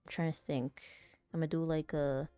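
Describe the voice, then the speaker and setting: A woman's voice: sits low, level tone, brisk, dark tone, clear, resonant tone, no room sound, faint music behind. A woman voice actor chatting casually while she rehearses, rambling, self-deprecating and laughing often. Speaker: voice actor and content creator.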